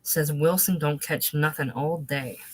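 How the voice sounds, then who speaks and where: A woman reading aloud voicing a loud, rambling middle-aged man telling fishing stories. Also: low voice, a little slow, breathy edge. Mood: boisterous. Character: boisterous middle-aged male fishing buddy.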